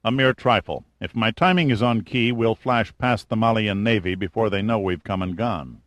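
A man's voice: lowish voice, moderate pace, a bit bright, no room sound, natural voice. A man voicing a wry, daring adventurer who stays cool under threat, with dry, cocky humor. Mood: scheming.

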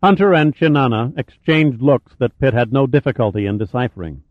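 A man reading an audiobook in a measured, even voice. The sound is narrow and phone-like, like a telephone line. The recording is completely dry, with no room around the voice. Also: mid-range voice, no echo. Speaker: audiobook narrator. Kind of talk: scripted narration.

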